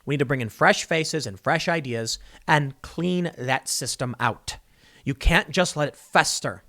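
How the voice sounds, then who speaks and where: A man's voice: a little high, unhurried, bright, forceful tone. A man hosting solo political commentary, reading news clippings aloud and reacting with emphatic, sarcastic remarks.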